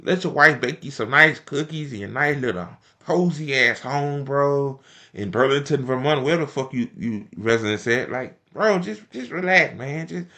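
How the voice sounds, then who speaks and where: A man's voice: fairly high pitch, sharp tone. A man giving profane, mocking reaction commentary, laughing often. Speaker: commentary streamer reacting to a speech.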